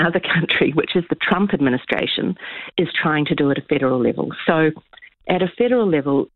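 A woman's voice: deep voice, no room sound. Earnest woman on a tinny phone line. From New Zealand. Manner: measured, earnest explaining with frequent ums. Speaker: political scientist guest. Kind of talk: radio interview over the phone.

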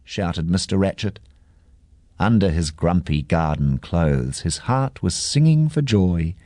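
A man reading a children's story aloud in a gentle, expressive way. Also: low-pitched, slow, no echo, clean studio sound.

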